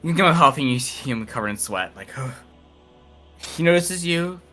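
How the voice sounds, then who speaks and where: A man with a bright, forward voice narrates as game master in a tabletop game. His telling is casual and loose, full of "like" and "you know.". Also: a little high, lively intonation, moderate pace, faint music behind.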